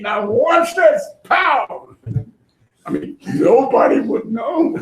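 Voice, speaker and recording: A man teaching a Torah class in an animated way, acting out voices and laughing often. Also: very high-pitched. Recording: echoey room.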